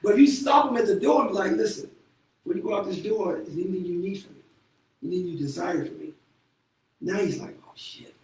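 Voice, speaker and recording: Host-therapist, male, blunt and profane, high voice, distant mic in an echoey room. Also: fast talker, darkish tone. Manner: blunt, profane, laughing often. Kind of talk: candid casual talk. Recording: echoey room from far off with faint noise.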